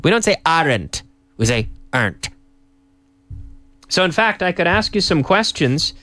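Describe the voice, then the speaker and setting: A man hosting a live lesson, upbeat and teacherly, repeating phrases slowly for learners. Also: high voice, fairly bright tone, no echo. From Canada. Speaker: English teacher and host. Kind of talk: live-streamed English lesson.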